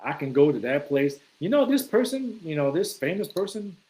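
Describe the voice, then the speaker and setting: A man's voice: a little high, sing-song, moderate pace, darkish tone, echoey room, rough recording. A man mimicking a pushy name-dropping partygoer. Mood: boastful. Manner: eager, boastful, overly friendly.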